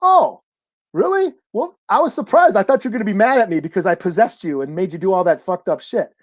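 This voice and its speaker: A man putting on a high, smug mutant. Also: expressive, racing, darkish tone. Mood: surprised.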